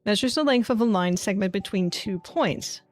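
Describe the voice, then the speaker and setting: A woman's voice: mid-range voice, normal speed. Woman muttering through a puzzle game. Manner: muttering, thinking aloud, swears when frustrated. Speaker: streamer. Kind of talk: casual live game commentary.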